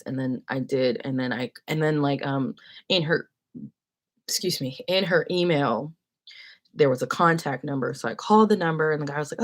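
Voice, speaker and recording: A young adult woman casually telling an animated, rambling story on her live stream. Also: deep voice, normal speed. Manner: animated, rambling, acts out quotes.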